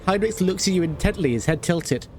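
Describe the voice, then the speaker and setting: A man's voice: high voice, animated, a little fast, slight background noise. A man streaming a game, chatting casually, ranting and laughing often. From Britain. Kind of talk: casual chat while playing.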